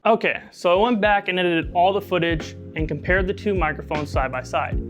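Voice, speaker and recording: A man's voice: high voice, brisk, music in the background. A man giving a casual tech review, explaining his setup in an upbeat way.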